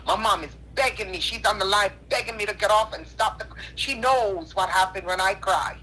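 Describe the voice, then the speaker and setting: A woman's voice: mid-range voice, moderate pace, pushed and bright, a little hiss or hum. A tearful woman calling in on a phone line, talking in an earnest, repetitive, preacherly way. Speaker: caller. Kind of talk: emotional call-in apology.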